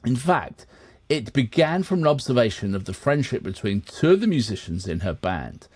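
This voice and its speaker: A man's voice: medium pitch, big pitch swings, moderate pace, a little mellow, breathy edge, dry recording. A man co-hosting, chatting casually and reading from notes, often laughing and steering the talk back on track. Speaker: co-host of a music reaction channel.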